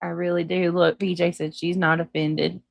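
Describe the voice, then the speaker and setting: A woman's voice: fairly low pitch, little pitch movement, moderate pace, creaky, dry recording. A woman with a Southern accent hosting a live stream, chatting casually with viewers and swearing freely. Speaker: livestream host. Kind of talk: casual live chat reading comments.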